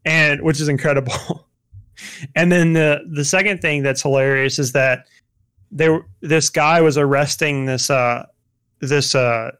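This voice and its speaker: A man's voice: fairly high pitch, steady tone, unhurried, fairly bright tone, clean tone. A young man chatting casually about films, rambling with lots of fillers and restarts.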